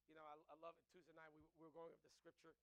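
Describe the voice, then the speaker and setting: A man's voice: on the high side, monotone, racing, a bit bright. A male pastor preaching a sermon with fervor, often repeating words and restarting phrases.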